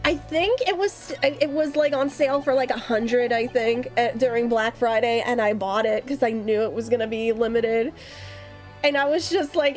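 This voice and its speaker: A woman's voice: sits high, a little mellow. A woman streamer chatting casually with her viewers, rambling and laughing often. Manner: chatty, giggly, rambling with fillers. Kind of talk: casual live-stream chat. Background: faint lofi music.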